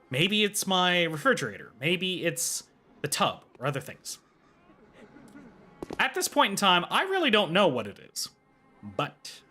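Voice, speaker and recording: Male streamer, comic casual storyteller, bright tone, very lively pitch. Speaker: livestreamer. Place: home.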